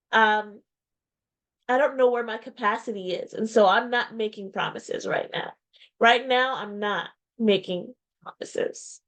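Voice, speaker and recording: A woman in her forties, a small business owner, talks candidly into a webcam. She is reflective and heartfelt, pausing often and repeating phrases. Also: on the high side, lo-fi sound. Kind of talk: candid personal vlog talk. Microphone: webcam or video-call mic.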